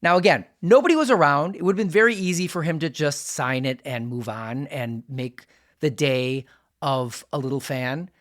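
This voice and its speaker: A man in his fifties from Milwaukee hosting a podcast, telling a scripted story and outro in a wry, deadpan, jokey way. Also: fairly high pitch, normal speed. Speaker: podcast host.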